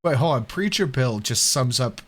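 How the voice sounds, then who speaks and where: A man's voice: medium pitch, animated, moderate pace. A man streaming casual, profane commentary, rambling and laughing often as he reacts to a video.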